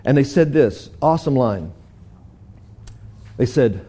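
A man preaching a sermon, retelling a story with animated energy and closing in soft prayer. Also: medium pitch, unhurried, long pauses, slightly rough. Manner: animated storytelling, prays softly at the end.

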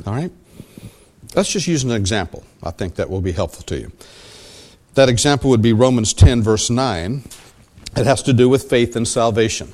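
Teaching line by line from scripture, this pastor asks his congregation questions, then repeats and rephrases them, looking for them to agree. His voice is medium in pitch and a little mellow.

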